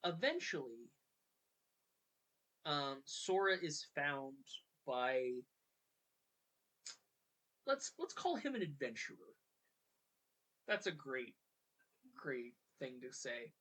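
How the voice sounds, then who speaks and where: A podcast host retelling a video game story in a casual, chatty way, now and then slipping into quick character voices. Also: medium pitch, very animated, a bit bright, slightly rough.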